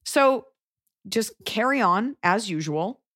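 A woman's voice: mid-range voice, lively intonation, fairly bright tone. A woman hosting a podcast, giving blunt, profane advice in casual chat. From Dallas, Texas. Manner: blunt, profane, rapid opinionated riffing.

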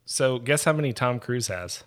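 A man's voice: mid-range voice, animated, normal speed. A man talking as a podcast guest in casual chat, rambling and hesitant, often trailing off.

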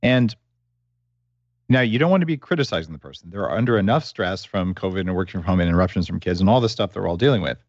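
Man, podcast host, deep voice, probing casual questions, lo-fi audio. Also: expressive, fast talker, no echo. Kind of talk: casual interview chat.

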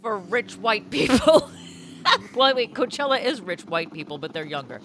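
A woman co-hosting a podcast, telling stories in an excitable, goofy, casual chat. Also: mid-range voice, normal speed, noisy background. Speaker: podcast co-host.

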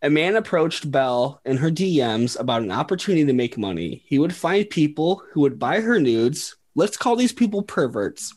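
A man's voice: fairly high pitch, very animated, normal speed, few pauses, darkish tone. Male podcast host, casual, filler-heavy, laughs at his own lines. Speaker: podcast host presenting the topic.

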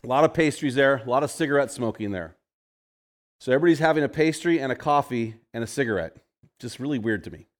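Pastor guy in his 50s telling a story to a men's group, chatty, repeats himself for emphasis, mid pitch. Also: animated, fast. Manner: conversational, repeats phrases for emphasis.

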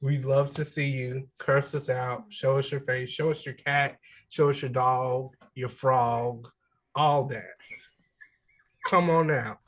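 A man's voice: medium pitch, steady tone, takes it slowly, rough recording. A man co-hosting a podcast in casual, joking chat with loose slang. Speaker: podcast co-host.

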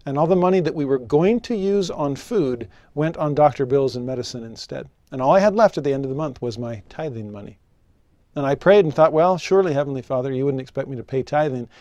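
Man, scripture teacher, animated storyteller, solemn verse reading, fairly high voice, dry sound. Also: no room sound. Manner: expressive, rises in pitch for rhetorical questions. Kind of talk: scripture lesson with personal stories.

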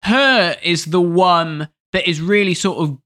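A man's voice: high-pitched, measured pace, sharp tone. A man co-hosting a podcast, chatting casually and animatedly, often laughing and quoting scenes. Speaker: podcast co-host. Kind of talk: casual chat review.

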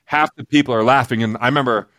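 A man from Utah, a podcast guest, telling stories in an animated, joking way. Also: mid-range voice, no room sound, clean studio sound. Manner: animated, jokey, quoting others in quick asides. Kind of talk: casual storytelling.

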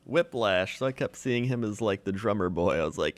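A man's voice: lowish voice, animated, brisk. A man co-hosting a casual movie podcast, laid-back, chiming in with brief agreeing remarks. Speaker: podcast co-host.

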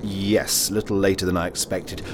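Sherlock Holmes, played by a man, deep and deadpan. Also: moderate pace, close to an everyday voice. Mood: dry, curt. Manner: deadpan, curt. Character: aloof, dry-witted male detective. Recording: noisy background hiss.

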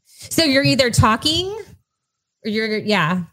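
A woman with a South Texas accent bantering playfully and laughing often. Her voice sits a little high and swings widely in pitch as she talks. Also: animated, takes it slowly, fairly bright tone, dry recording. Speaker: co-host. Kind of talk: casual banter.

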